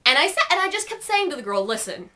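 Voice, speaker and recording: Animated high-voiced woman telling a story. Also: racing. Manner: animated, snarky, rambling. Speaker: vlogger. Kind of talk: casual storytelling to camera.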